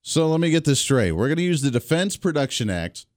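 A man's voice: fairly high pitch, brisk, no room sound, studio quality. Sarcastic talk radio host, man. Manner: sarcastic, animated, unscripted. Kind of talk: political commentary.

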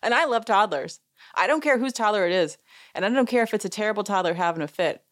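A woman's voice: medium pitch, expressive, fast talker. A woman hosting a podcast, casually recapping a show as an amused, chatty storyteller who laughs and acts out what others said. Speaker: podcast host.

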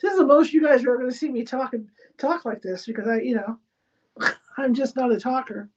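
A woman's voice: sits high, a little fast, darkish tone. Woman muttering through a crafting stream. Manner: mutters to herself while narrating each step. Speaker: livestream host. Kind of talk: casual running commentary while crafting. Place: spare bedroom at home used as a studio. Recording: dull lo-fi sound with faint noise.

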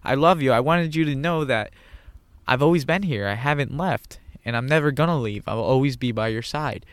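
A man voicing his late grandmother, an affectionate older woman, in a raised gentle voice. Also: mid-range voice, fairly quick, no room sound, natural voice. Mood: tender.

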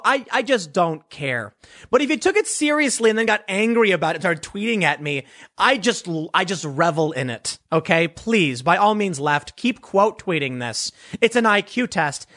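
A man's voice: sits high, sharp tone. A man giving an unscripted commentary monologue in a sarcastic, dismissive manner.

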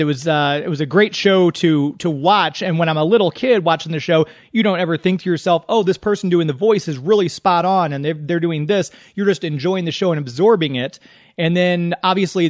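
Eager high-voiced male radio host. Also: brisk, no room sound. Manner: eager, enthusiastic fan, rambling questions. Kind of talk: interview hosting.

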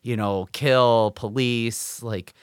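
A man in his forties co-hosts a podcast, telling stories in a rambling, filler-heavy casual chat. His medium-pitched voice is clear and resonant, slow and fairly even, captured in clean studio sound with no room echo.

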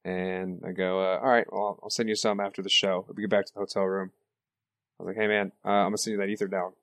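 Man, podcast co-host, low pitch, dry sound, casual story with fillers. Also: little pitch movement, fast talker, fairly bright tone, no room sound.

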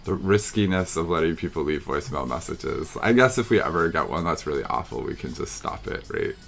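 A man co-hosting a casual podcast chat, agreeable and quick to chime in. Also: extremely low pitch, animated, creaky, a bit bright. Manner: agreeable, frequent backchannels and laughs. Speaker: podcast co-host.

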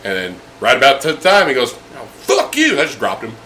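A man with a bright, forceful voice spins a crude bar story for friends over drinks. His delivery is animated and full of swearing. A faint room hum sits behind him. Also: mid-range voice, quick pace, low-quality recording. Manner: profane, animated storytelling with laughs. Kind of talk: casual chat over drinks. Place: indoors with friends.

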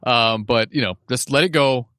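A man's voice: mid-range voice, moderate pace, a bit bright, clean tone, no room sound. Male co-host, easygoing and jokey, medium voice, dead-dry studio mic. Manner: laughs often, jokey, puts on mock voices. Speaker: podcast co-host. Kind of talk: casual sports chat.

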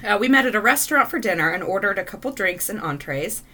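A woman's voice: medium pitch, quick pace. A woman co-host reading dating stories aloud and reacting with laughter. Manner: expressive, laughs often.

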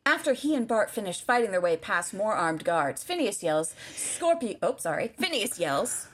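A woman co-host reading fan fiction aloud in an animated, laughing way on a livestream. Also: medium pitch, normal speed, husky. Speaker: podcast co-host. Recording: livestream with faint noise.

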